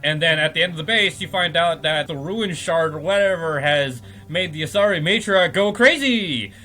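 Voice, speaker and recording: A man's voice: on the high side, normal speed, bright, forceful tone, faint music behind. A man hosting a podcast, giving a comedic, profane recap of a game plot and laughing often. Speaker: podcast host.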